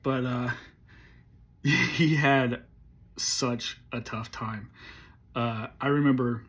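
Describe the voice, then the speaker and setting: A husky-voiced army veteran in his forties tells a war story in a relaxed, conversational way. His pitch sits in a mid range. He swears constantly and often pauses to clear his throat. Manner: profane, laid-back, clears throat often. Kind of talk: casual storytelling.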